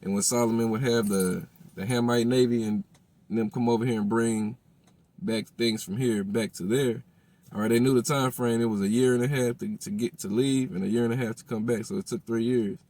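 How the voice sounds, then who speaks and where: A man's voice: medium pitch, fairly even intonation, a little fast, dark tone. A man reading scripture aloud and explaining it, checking in with his listeners with "all right?" after nearly every phrase. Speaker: teacher of a religious group.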